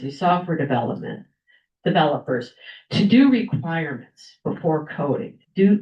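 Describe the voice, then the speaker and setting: An older woman giving a prepared storytelling speech at a club meeting, acting out the people she quotes. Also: lowish voice. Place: meeting room at a club lunch. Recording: echoey room, dull lo-fi sound.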